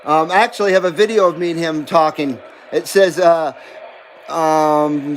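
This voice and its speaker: A man's voice: on the high side, steady tone, moderate pace, slight background noise, poor audio. A man hosting a CB radio livestream, reading chat messages aloud in a rambling, self-deprecating way and laughing often. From western United States.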